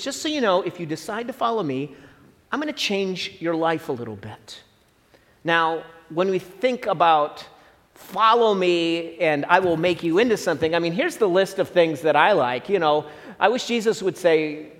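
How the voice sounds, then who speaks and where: Middle-aged man, pastor, high bright voice with a wide swing, chatty sermon delivery, reverberant hall sound. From Southern Illinois. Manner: conversational, animated preaching with asides to the congregation.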